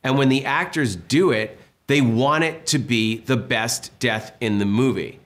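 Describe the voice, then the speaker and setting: Animated storytelling man from Massachusetts. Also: medium pitch, unhurried. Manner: animated storyteller acting out quotes. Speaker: director being interviewed. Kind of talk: casual interview chat.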